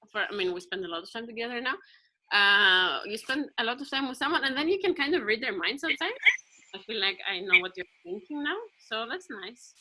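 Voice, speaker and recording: A woman's voice: fairly high pitch, pushed and bright, rough recording. A woman performing an improvised spoken piece over a video call, musing, rambling and asking questions aloud.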